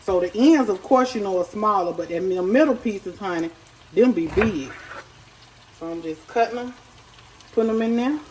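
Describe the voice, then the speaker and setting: A woman's voice: mid-range voice, lively intonation, moderate pace, darkish tone, a little hiss or hum, low-quality recording. Chatty woman cooking at home. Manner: chatty, folksy, talks straight to viewers. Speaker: home cook. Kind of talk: casual cooking tutorial. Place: home kitchen. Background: faint sizzling pan.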